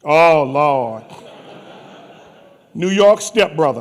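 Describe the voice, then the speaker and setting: A man from New Orleans hosting a conference on stage, bantering and teasing people in playful, joking chatter. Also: a little high. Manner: teasing, animated, quick jokes. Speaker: conference host.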